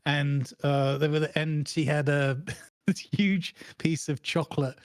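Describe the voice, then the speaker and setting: A man's voice: fairly high pitch, flat delivery, a little slow, no room sound, clean studio sound. A man, co-hosting a casual chat and telling a long, rambling story full of restarts and fillers. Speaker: podcast co-host.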